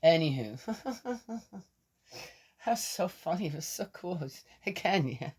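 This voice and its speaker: A woman's voice: fairly low pitch, animated, measured pace, darkish tone, breathy edge. Chatty older woman who laughs a lot. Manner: rambling and chatty, laughs often. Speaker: vlogger. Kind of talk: casual chat to camera.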